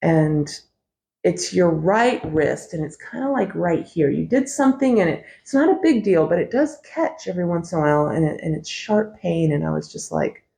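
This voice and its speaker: A woman's voice: fairly low pitch, big pitch swings, normal speed, gravelly, mellow. A middle-aged woman hosting a podcast, telling a personal story in a candid, wry way, swearing freely and laughing often. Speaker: podcast host.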